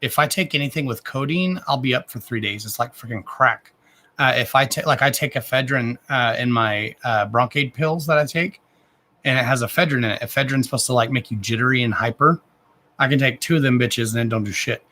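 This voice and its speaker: A man's voice: mid-range voice, brisk, sharp tone. Chatty man in his thirties, rambling. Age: 30s. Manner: chatty, rambling, swears freely. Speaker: livestream card reader. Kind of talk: casual live-stream chat.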